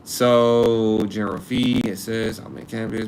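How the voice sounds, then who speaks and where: Young man, twenties, live-stream host, casual joking chat, lowish voice, faint background hum. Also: little pitch movement, a little slow, darkish tone. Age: 20s. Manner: chatty, joking, talks to chat readers.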